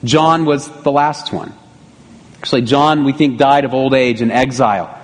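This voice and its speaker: A man's voice: mid-range voice, steady tone, normal speed. A middle-aged male pastor preaching a sermon in a conversational way, with rhetorical asides to the congregation. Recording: long reverb of a church hall.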